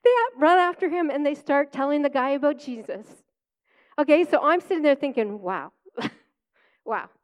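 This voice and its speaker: A woman's voice: high voice, brisk. A middle-aged woman preaching, telling a personal testimony in a chatty storytelling way that often breaks into laughter.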